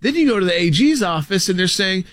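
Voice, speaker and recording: A man co-hosting a talk radio show, explaining legal matters in a rapid, animated way with frequent fillers. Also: sits high, no echo, studio quality. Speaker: lawyer and radio co-host.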